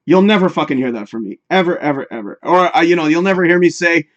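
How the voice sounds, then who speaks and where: A man's voice: fairly high pitch, fast, muffled recording. A man hosting a live talk show in casual, rambling chat, swearing freely and talking straight to his viewers.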